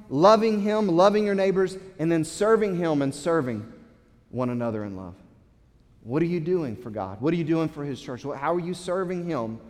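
Pastor, male, fervent sermon delivery with rising emphasis, fairly high voice, long church-hall reverb. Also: darkish tone. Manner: impassioned preaching with swells of emphasis and repeated words.

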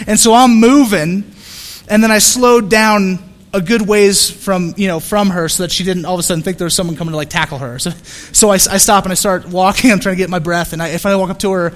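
A man's voice: high voice, big-room sound. A male pastor preaching a sermon, telling a story with lots of energy and frequent restarts and repeated words.

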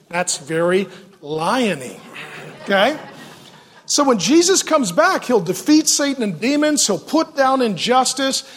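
A male preacher with a high voice that swings widely up and down. He delivers a sermon in an animated, joking way and keeps throwing questions at his listeners. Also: slow. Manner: lively, joking preacher who asks the audience questions. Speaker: pastor.

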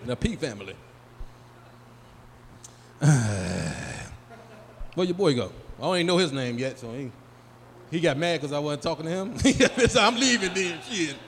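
This stand-up comic in his 40s has a slightly high, creaky voice, very animated yet unhurried, with long pauses. He riffs loosely and profanely with the audience in a small venue, recorded in a live room with long reverb and faint noise.

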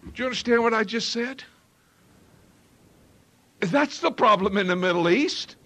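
A man's voice: high voice, animated, unhurried, a bit bright. A man preaching a sermon with an emphatic rising and falling cadence, often asking the congregation questions.

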